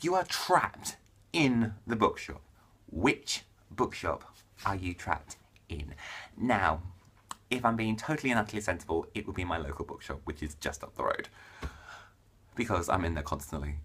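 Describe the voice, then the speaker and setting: A man's voice: on the low side, a bit bright. A young man from England chatting casually and jokily to camera as a book vlogger, often cutting himself off mid-word. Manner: chatty, jokey, self-interrupting. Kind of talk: casual vlog chat.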